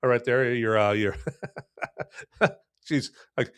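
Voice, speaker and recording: Folksy male podcast host, loose and rambling, clear voice, dry booth sound. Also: medium pitch, steady tone, slow pace, no echo. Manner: rambling, folksy, many fillers and restarts. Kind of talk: casual live-stream beer review.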